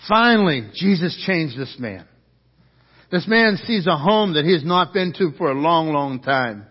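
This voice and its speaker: A pastor preaching to his congregation, a man with a fairly high voice. He tells the story dramatically, moving between loud, excited stretches and quiet, earnest appeals. The recording sounds dull and lo-fi. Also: in a large hall. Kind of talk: sermon.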